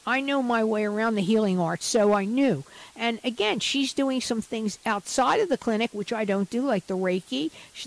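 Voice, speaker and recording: A woman's voice: mid-range voice, rough recording. A middle-aged woman doctor talking frankly and animatedly about her patients on a radio health show.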